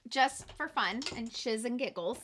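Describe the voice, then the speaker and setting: Bubbly high-voiced woman unboxing makeup. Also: a little slow, a bit bright, a little hiss or hum. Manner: gushing, gasps and exclamations. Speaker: beauty vlogger. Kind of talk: excited unboxing chat.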